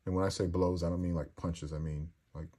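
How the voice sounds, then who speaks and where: A man's voice: low voice, flat delivery, fairly quick, dark tone. A man casually chatting as a host while reading viewer comments, joking crudely and rambling. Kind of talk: casual livestream chat.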